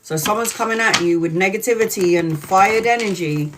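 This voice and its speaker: A woman's voice: mid-range voice, noisy background. Woman doing a live tarot reading, swears a lot, stretches out words to hammer a point home. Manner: blunt and profane, emphatic; drawls key words slowly for emphasis. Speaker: tarot reader.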